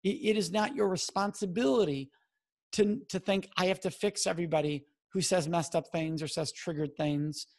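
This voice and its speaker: A man's voice: sits high, normal speed, gravelly, a little mellow. A middle-aged man speaking straight to his listeners, coaching them in an earnest way on what to say and stressing key words. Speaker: speaker on sexual assault prevention. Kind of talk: direct-to-camera advice talk.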